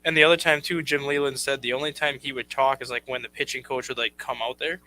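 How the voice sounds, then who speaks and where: A man co-hosting a sports talk show, telling anecdotes quickly and quoting what people said. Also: mid-range voice, steady tone, bright, forceful tone, slight background noise, poor audio. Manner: quick, recounts anecdotes with quoted lines.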